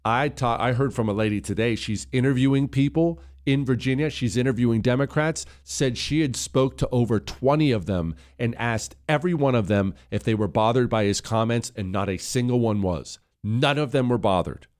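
A man's voice: medium pitch, moderate pace, hardly any pauses, darkish tone. A man hosting a radio talk show, delivering political commentary in an emphatic style that builds in intensity, recorded on a studio microphone.

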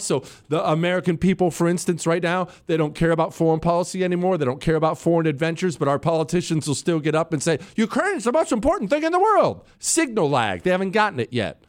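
A middle-aged man hosting a political talk show, delivering an opinionated monologue and calling out to his producers and listeners. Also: on the high side. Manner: animated, opinionated, addresses producers and listeners directly.

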